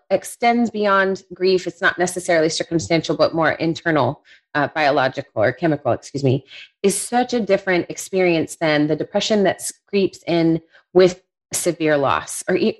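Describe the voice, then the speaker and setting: A woman's voice: fairly low pitch, lively intonation, moderate pace. A woman hosting a podcast interview, reflective and affirming as she responds to her guest. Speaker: podcast host. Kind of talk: conversational interview.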